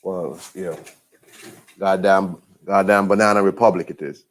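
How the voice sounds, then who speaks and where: A man's voice: low voice, steady tone, a little slow. A man talking casually in a rambling, laid-back way with many fillers and restarts. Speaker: boxing vlogger. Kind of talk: casual monologue.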